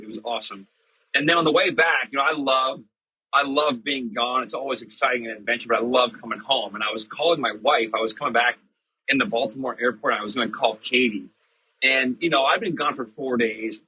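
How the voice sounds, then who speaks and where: A man's voice: mid-range voice, pushed and bright, breathy edge, no echo, poor audio. A middle-aged man telling a personal story in a casual, reflective monologue, chatty and self-deprecating with many fillers. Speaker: church podcast host.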